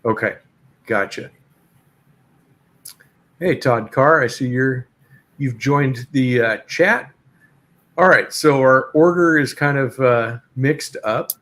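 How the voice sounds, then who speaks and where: Host, male, easygoing and halting, average pitch, casual live chat. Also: a bit bright. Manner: easygoing, hesitant with many fillers.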